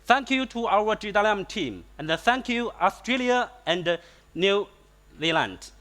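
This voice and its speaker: A company executive giving a prepared speech on an event stage in short, read-out phrases. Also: male voice, sits high, expressive, a little slow, sharp tone.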